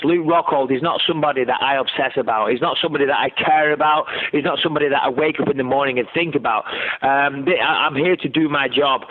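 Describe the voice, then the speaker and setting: A fighter on a press conference call, blunt, profane and combative, heard over a tinny phone line. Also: male voice, fairly high pitch.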